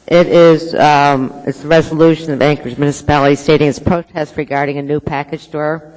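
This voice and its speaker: A man's voice: fairly high pitch, steady tone, a little fast, a little mellow. A man speaking as an assembly member, explaining a procedural request in a hesitant way, with fillers and restarts. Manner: hesitant, with fillers and repeated attempts. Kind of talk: council floor remarks. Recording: reverberant council chamber.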